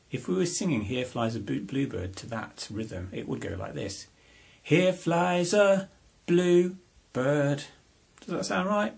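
A man giving a playful home music lesson to a young child, talking in a bright, encouraging, sing-song way. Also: mid-range voice, gravelly, husky. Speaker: parent teaching music to a child.

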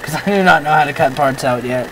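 A man hosting a let's-play, giving excitable commentary, often yelping at the game, with self-mocking rambling asides. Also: on the high side, fast, a little hiss or hum, low-quality recording. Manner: excitable, yelps and shouts at the game. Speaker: gaming channel host.

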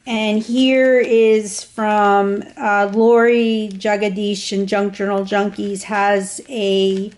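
A woman casually showing off a handmade travel journal to the camera, talking in an unhurried way with fillers and small restarts. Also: medium pitch, a little mellow. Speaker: craft vlogger. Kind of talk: casual show-and-tell narration.

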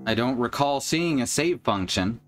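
A man's voice: mid-range voice, expressive, moderate pace, soft background music. A man streaming a video game live, chatting to viewers with casual, wry commentary.

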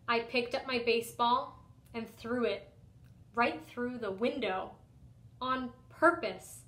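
An expressive young woman teacher reads a children's picture book aloud in a lively first-person storytelling style. Her voice sits fairly high, and the recording has a roomy echo. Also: slow pace.

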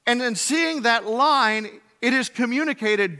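A male pastor preaching with a high, bright voice that rings through a reverberant sanctuary. He moves from loud, pointed emphasis to hushed, low passages and keeps putting rhetorical questions to the congregation. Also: a little slow, smooth. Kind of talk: sermon. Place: church sanctuary.

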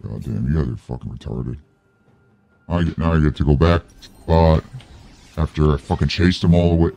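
A man's voice: very deep voice, normal speed, gravelly, dark tone, soft background music. A man streaming a video game, giving live commentary and ranting angrily and profanely at his teammates.

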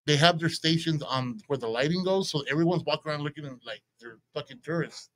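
Casting: man, podcast co-host, crude lively storyteller, slightly high voice, dry mic. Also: fast talker, dry recording. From San Antonio, Texas. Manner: profane, animated storyteller doing quoted voices. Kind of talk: casual storytelling chat.

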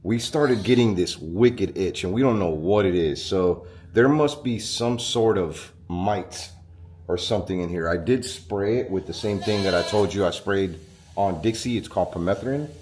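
A man vlogging casually outdoors on his small farm, chatting to the camera and talking to his animals in a high coaxing voice. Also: normal speed, darkish tone, slight background noise. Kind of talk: casual vlog chat.

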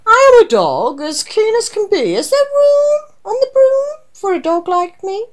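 A woman's voice: extremely high pitch, very animated, measured pace, pitched above the performer's own voice, full character voice. A woman voicing an eager, polite male dog in a children's story. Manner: eager, cheerful.

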